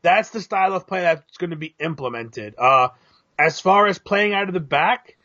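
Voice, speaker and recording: A man co-hosting a casual soccer talk show, explaining tactics in a measured, analytical way. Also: high voice, lively intonation, bright, forceful tone, lo-fi sound. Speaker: co-host. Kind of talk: casual chat.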